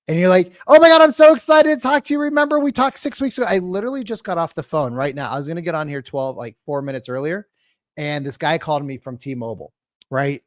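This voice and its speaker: A man teaching sales tone in a lively live-streamed talk, acting out calls in exaggerated voices. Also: medium pitch, no room sound, clean studio sound. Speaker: sales coach.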